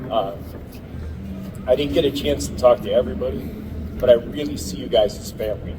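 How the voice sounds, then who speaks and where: A man giving a humble, halting acceptance speech. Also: mid-range voice, over music. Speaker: award inductee. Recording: distant mic with noisy background.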